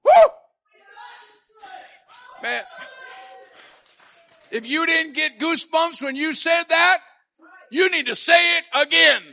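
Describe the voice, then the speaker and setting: High-voiced man preaching a shouting sermon. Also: sing-song, takes it slowly, creaky, long pauses, some chatter behind. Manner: preaching, swings from low talk to shouted call-and-response. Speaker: pastor. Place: church.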